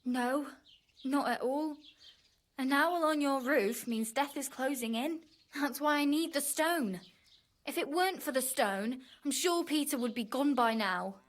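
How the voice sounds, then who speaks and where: A woman's voice: high voice, unhurried. A woman voicing an anxious peasant wife who pleads earnestly and guards what she owns. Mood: guarded.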